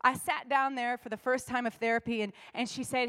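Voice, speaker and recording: A woman's voice: a little high, fairly even intonation, fairly quick, hardly any pauses, a bit bright, clear, resonant tone. A woman pastor preaching a sermon in a church, conversational at times and rising to fervent emphasis.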